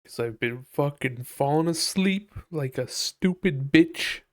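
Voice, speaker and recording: A man's voice: on the high side, animated, slow, a little hiss or hum. A man live-streaming while he sculpts, chatting casually and joking in a profane, mock-aggressive way.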